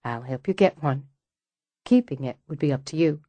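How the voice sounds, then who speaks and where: Brisk, warm-hearted mature woman read by a woman, firm, low, comforting, audiobook. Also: lively intonation, no room sound.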